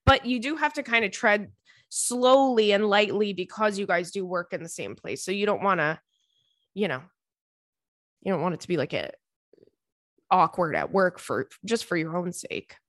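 A woman's voice: mid-range voice, animated, moderate pace, a bit bright, no room sound, studio quality. Chatty, blunt woman podcast host. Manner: chatty, blunt, profane, laughs often. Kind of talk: casual advice chat.

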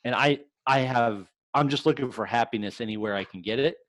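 A man co-hosting a podcast, talking in an excited, enthusiastic way. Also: mid-range voice, fairly quick, no echo. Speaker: podcast co-host. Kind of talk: casual chat.

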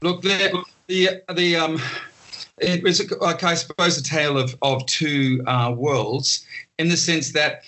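A middle-aged Australian man talking in a relaxed interview, rambling with lots of restarts and fillers. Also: fairly high pitch, slow. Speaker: guest, entertainer. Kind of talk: casual interview talk.

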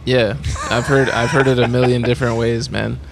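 Man, podcast co-host, relaxed, slangy, gravelly voice. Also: mid-range voice, moderate pace, background noise. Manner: relaxed, slangy, swears casually. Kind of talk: casual chat.

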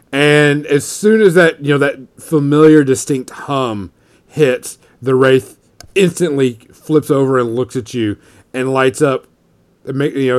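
A man running a tabletop role-playing game as game master, narrating loosely with lots of fillers. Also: on the high side.

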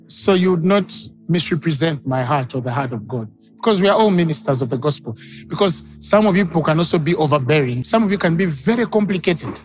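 Preaching man, dramatic and animated. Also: fairly high pitch, a little fast, soft background music. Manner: dramatic, acts out quoted voices. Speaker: pastor. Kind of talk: sermon.

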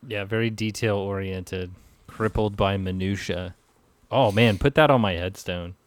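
A man's voice: fairly low pitch, unhurried, no room sound. A man co-hosting a podcast in casual chat, wry and jokey, laughing often. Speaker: podcast co-host.

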